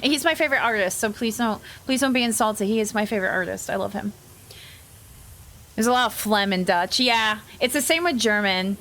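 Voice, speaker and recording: A woman's voice: mid-range voice, brisk, a bit bright. An American woman chatting casually and giggling while streaming a game, with lots of "like" fillers. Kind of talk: casual live-stream chat.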